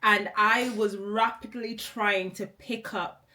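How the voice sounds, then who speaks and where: Woman from jamaica, british accent, bright voice, tells stories all animated and laughing. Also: mid-range voice, slow pace, a little hiss or hum. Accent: British with Jamaican roots. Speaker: guest. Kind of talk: casual storytelling.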